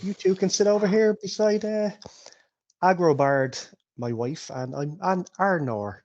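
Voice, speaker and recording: A man's voice: high voice, a little slow, a little mellow, muffled recording, voice pushed up. A man doing a chatty hobbit farmer. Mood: welcoming. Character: friendly male hobbit farmer, chatty host.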